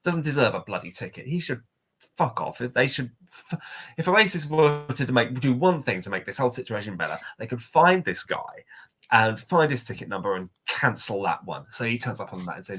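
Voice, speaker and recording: Ranting husky man. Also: mid-range voice, fairly quick. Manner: animated, ranting, swearing. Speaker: podcast co-host. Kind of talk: casual podcast rant.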